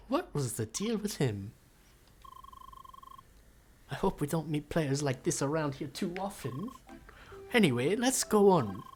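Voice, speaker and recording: A man voicing a perky young female game heroine with an exaggerated, imperfect French accent, bubbly and exclamatory. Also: fairly high pitch. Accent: French (put on, imperfect).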